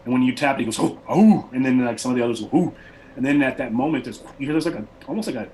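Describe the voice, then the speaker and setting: A man's voice: medium pitch, very fast, darkish tone, a little hiss or hum, rough recording. A man narrating a tabletop game as game master, with a rambling, loose delivery. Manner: rambling, many fillers and restarts.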